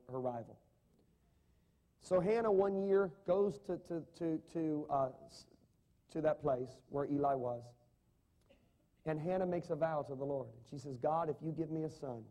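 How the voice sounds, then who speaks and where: Male pastor, sermon, slightly high mellow voice, dramatic emphasis, questions to the congregation.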